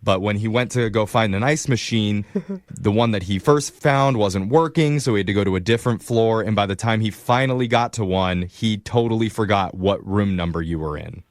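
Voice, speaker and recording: A man's voice: on the low side, a little fast, hardly any pauses, no room sound, studio quality. A male radio host running a call segment in a teasing, blunt way. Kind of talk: joking radio prank call.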